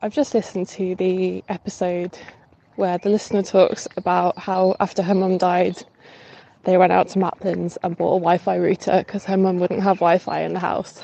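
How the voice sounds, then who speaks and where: A woman's voice: medium pitch, dark tone, muffled recording. A woman leaving a wry, matter-of-fact voice note for a podcast. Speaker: listener sending a voice note. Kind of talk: casual voice note.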